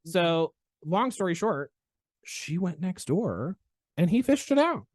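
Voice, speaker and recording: A man's voice: takes it slowly, no room sound. Guy hosting a podcast, big swoopy storytelling voice, dry close mic. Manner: animated, theatrical storyteller with big pitch swings. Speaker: chiropractor and podcast host. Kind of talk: casual podcast chat, storytelling.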